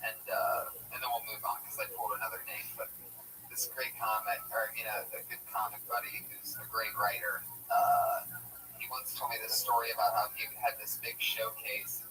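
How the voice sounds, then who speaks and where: A man's voice: on the low side, steady tone, moderate pace, bright, forceful tone. A man co-hosting a casual comedy talk, telling anecdotes and acting out the voices in them. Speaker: co-host introducing comedians. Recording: distant mic with faint background noise.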